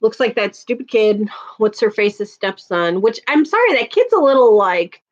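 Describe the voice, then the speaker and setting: A woman's voice: fairly high pitch, big pitch swings, normal speed, highs cut off. A woman hosting a casual livestream, chatting with viewers, venting and laughing often. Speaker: livestream host reading chat.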